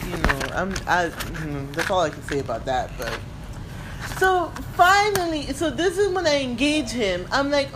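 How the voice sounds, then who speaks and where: Woman telling a funny story, high lively voice, laughs a lot, bit of background hiss. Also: normal speed. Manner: animated, laughing, mimics others. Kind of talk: casual chat, storytelling.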